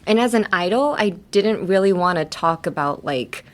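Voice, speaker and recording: A woman's voice: mid-range voice, animated, moderate pace. Chatty bilingual woman teaching English. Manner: chatty, laughs often, slips between English and Japanese. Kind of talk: bilingual casual lesson.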